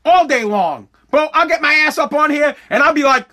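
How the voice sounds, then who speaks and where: High, bright-voiced ranting podcast host. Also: male voice, flat delivery, fairly quick. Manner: profane, emphatic, repeats himself for effect; acts out imagined dialogue.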